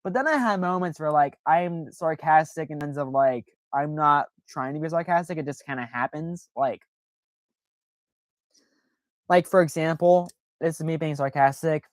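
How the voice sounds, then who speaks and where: A man's voice: fairly high pitch, moderate pace, no room sound. A man chatting casually on his livestream, rambling with lots of fillers and restarts, sometimes jumping into playful exaggerated voices. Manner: animated, jumps into playful exaggerated quoted voices. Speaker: livestream host.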